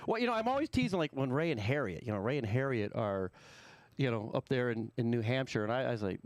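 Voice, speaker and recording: A man's voice: mid-range voice, animated, quick pace, no echo. A man co-hosting a casual radio talk show from a studio, joking, telling stories and laughing easily. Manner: jokey, storytelling, laughs easily. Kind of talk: casual chat.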